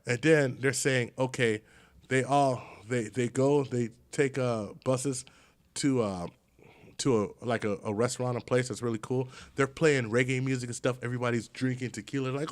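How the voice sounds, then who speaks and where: A man's voice: medium pitch, normal speed, dry recording. A man hosting a casual podcast, telling stories with lots of swearing and acted-out quotes. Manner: animated storyteller, swears, acts out quotes. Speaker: podcast host.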